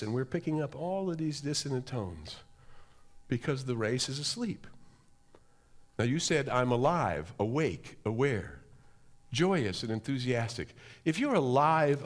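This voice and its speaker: A man giving a sermon as a guest speaker, with dramatic, drawn-out emphasis and questions put to the audience. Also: medium pitch, lively intonation. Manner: dramatic, drawn-out emphasis with wide swings in loudness; preacherly, asks the audience questions. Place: church hall.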